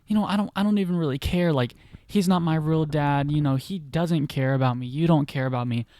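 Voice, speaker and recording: A man's voice: medium pitch, steady tone, unhurried, darkish tone, clear, resonant tone, no room sound, clean studio sound, close to an everyday voice. A man voicing a hurt, angry teenage boy.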